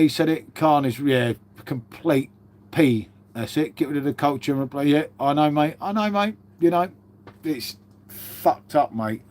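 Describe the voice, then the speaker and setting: Fifties bloke on a late night live stream, slightly high voice, rambles and swears, mate every other word. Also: male voice, a little mellow. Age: 50s. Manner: rambling storyteller, swears freely, says "mate" constantly. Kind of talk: casual live-stream chat.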